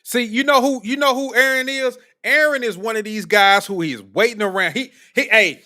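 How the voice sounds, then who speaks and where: Blunt, profane, bright-voiced male streamer. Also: sits high, moderate pace, hardly any pauses. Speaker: streamer host. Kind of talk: live political commentary.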